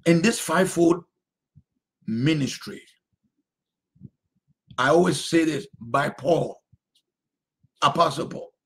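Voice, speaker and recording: A man preaching a sermon as a pastor, emphatic and repetitive, sometimes rising to a shout. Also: fairly high pitch, slow, pauses often.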